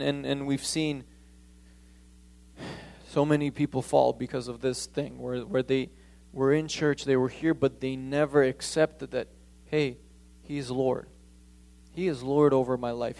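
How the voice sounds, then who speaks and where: A man delivers a sermon in a church with an emphatic, pressing delivery. He often stumbles over his phrases and restarts them as he drives his point home. His voice sits at a middle pitch for a man. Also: level tone, normal speed, gravelly, pauses often, a little mellow. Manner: emphatic, with frequent stammered restarts. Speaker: preacher.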